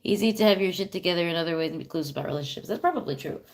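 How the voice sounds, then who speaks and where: A woman's voice: lowish voice, rapid-fire. A woman in her thirties chatting casually on a livestream, telling a rambling, profane story and answering viewers. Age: 30s. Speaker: streamer.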